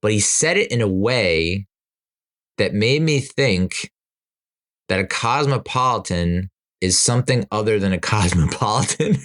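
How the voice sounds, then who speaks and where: Low-voiced man telling a rambling story. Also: animated, unhurried, a bit bright. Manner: rambling, self-mocking, laughs at himself. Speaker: podcast host. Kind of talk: casual storytelling monologue.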